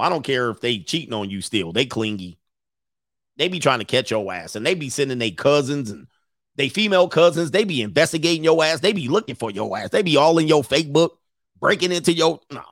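Animated man on a profane comic rant. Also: on the high side, no room sound, clean studio sound. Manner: animated, profane, breaks into put-on voices.

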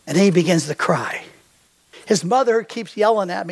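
Older male pastor, high voice, storytelling sermon, quizzes the congregation. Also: animated, a little fast.

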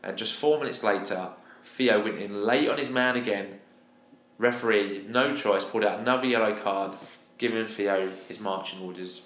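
A man's voice: on the low side, moderate pace, a bit bright. A man co-hosting a fan podcast, talking through a football match in casual chat with exasperated, opinionated asides. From England. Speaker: podcast co-host. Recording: roomy echo.

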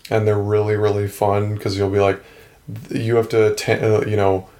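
Rambling low-voiced man chatting about games. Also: completely flat delivery, moderate pace, dark tone. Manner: rambling, many fillers, retells scenes. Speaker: podcast co-host. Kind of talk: casual game discussion.

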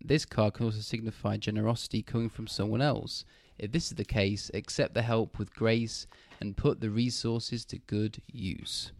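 Gravelly deadpan man with crude jokes. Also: lowish voice, normal speed, few pauses, no echo. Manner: deadpan, crude jokes, reads aloud from a book. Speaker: podcast co-host and producer. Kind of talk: casual chat.

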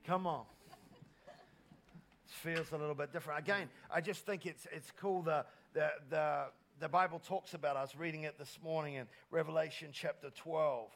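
A man's voice: fairly high pitch, fairly even intonation, moderate pace, creaky, a bit bright. A man hosting an interview on a church stage as pastor, rallying the congregation enthusiastically into a handheld mic. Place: church auditorium. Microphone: handheld microphone.

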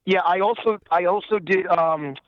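A man's voice: high-pitched, normal speed, lo-fi sound. A man who voices characters, talking in a casual interview and rambling with many fillers. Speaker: voice actor guest.

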